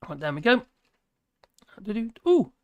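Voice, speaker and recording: British streamer host, lively up-and-down voice, dry close sound, chatty, rambling, hums to himself. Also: medium pitch, unhurried, dry recording. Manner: chatty and rambling, humming and laughing between comments. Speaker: livestream host. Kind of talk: casual live-stream chat, reading viewer comments.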